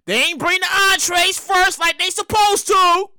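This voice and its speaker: A woman hosting a show, telling a profane, animated story in a rant that keeps bursting into shouts. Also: extremely high pitch, moderate pace, no room sound, clean studio sound. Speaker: show host.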